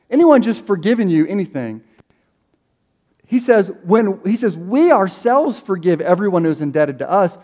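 A man's voice: sits high, expressive, a little fast, mellow, in a large hall. A man in his forties preaching a sermon in a casual, conversational way, acting out prayers and quoted speech. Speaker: pastor.

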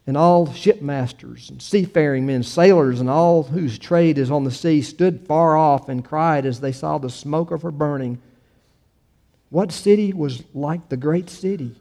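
A man's voice: on the high side, mellow, big-room sound. Man preaching and reading scripture aloud. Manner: reads scripture with emphatic rises, then talks plainly with fillers. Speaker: pastor.

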